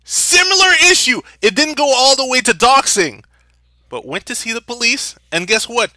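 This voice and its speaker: A young man's high, very bright voice rises and falls wildly as he rants in fury, swearing and shouting. The sound is dry and close, with no room echo. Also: big pitch swings, moderate pace. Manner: furious, profane, shouting at times. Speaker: vlogger. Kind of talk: angry rant.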